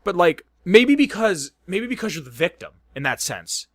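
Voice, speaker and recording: This man co-hosts a podcast, his voice sitting high and his speed normal. His casual storytelling is lively and full of cursing, with quoted reactions performed out loud.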